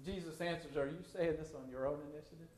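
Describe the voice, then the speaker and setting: A man's voice: fairly high pitch, fast, a little mellow, echoey room. A man preaching a verse-by-verse sermon, asking his listeners questions as he explains the text. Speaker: pastor. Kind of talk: expository sermon.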